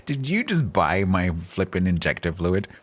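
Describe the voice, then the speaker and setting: A man chatting calmly on a game livestream, rambling with fillers and restarts. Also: sits low, moderate pace, slight background noise. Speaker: game streamer. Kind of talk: casual livestream chat.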